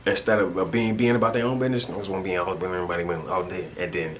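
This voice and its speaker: Man, low voice, rambling casual monologue, repetitive street slang, recorded at home, faint background noise. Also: fast talker, few pauses, fairly bright tone. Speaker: vlogger. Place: at home indoors.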